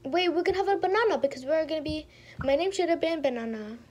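A woman's voice: sits high, fast, a little mellow, slight background noise. A young woman casually commentating her own gameplay, sounding exasperated, talking to herself and often trailing off into mumbles. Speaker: gaming streamer.

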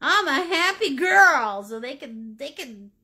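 A woman's voice: sits high, sing-song, a little slow, bright, forceful tone. A middle-aged woman teaching a live paint-along class, playful and chatty, with pet names and silly sound words. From Maine, United States. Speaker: painting instructor.

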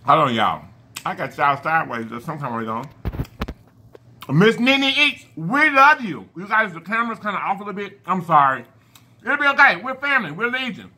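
A man hosting an eating vlog, casually and affectionately giving shout-outs to his fans and stumbling over names as he corrects himself. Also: sits high, big pitch swings, moderate pace. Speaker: mukbang channel host. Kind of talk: casual chat to viewers while eating.

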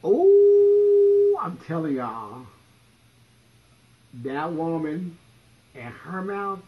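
A man's voice: on the high side, animated, drawn-out words, narrow, tinny audio, a little hiss or hum. A man in drag livestreaming from home, telling stories with a blunt, profane, sassy manner. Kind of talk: casual livestream storytelling.

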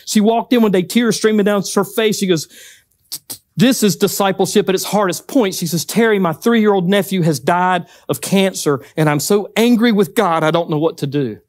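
A man preaching a sermon, telling stories with lively acted-out quotes. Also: high-pitched, normal speed, no room sound, clean studio sound. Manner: animated storytelling, acts out quotes. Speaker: pastor.

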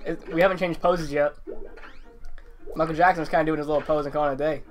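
A man's voice: fairly high pitch, steady tone, quick pace, soft background music. A man co-hosting casual gameplay commentary, competitive and eager to win. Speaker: co-host.

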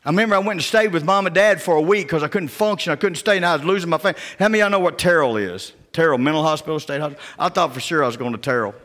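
A male pastor preaching a sermon, telling personal stories in a folksy, down-home way and often dropping to a hushed voice. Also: a little high, rapid-fire, hardly any pauses. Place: church sanctuary. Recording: church sanctuary with long reverb.

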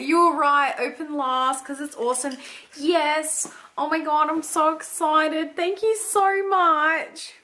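A young woman excitedly unboxing gifts for her vlog, gasping and gushing with delight. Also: sits high, takes it slowly. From Australia. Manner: gushing, gasping, lots of "oh my God". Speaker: beauty vlogger.

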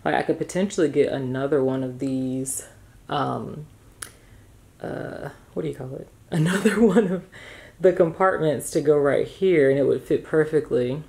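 Low gravelly-voiced young woman. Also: unhurried, pauses often, mellow. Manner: chatty, rambling with fillers. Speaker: vlogger, mother. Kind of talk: casual home vlog. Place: home living room.

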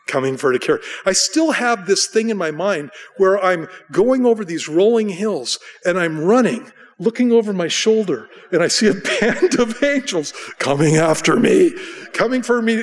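Middle-aged American male pastor, sermon delivery, animated storyteller, slightly high voice. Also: fairly quick. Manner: animated storytelling, acting out voices with bleats and bursts of excitement.

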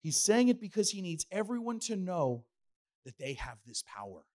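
A middle-aged man preaching a sermon as pastor, animated and playful, slipping into acted asides. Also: high-pitched, moderate pace.

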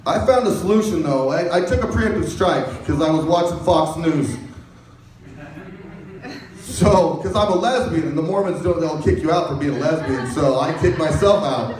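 A man's voice: fairly high pitch, moderate pace, a little mellow. A man doing a rambling, crude stand-up routine on a comedy stage and laughing at his own jokes. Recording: echoey room, mic far off.

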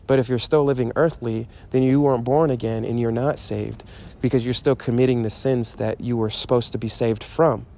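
Mellow-voiced man preaching casually. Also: medium pitch, fairly even intonation, moderate pace. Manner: conversational, emphatic and repetitive. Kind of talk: informal sermon.

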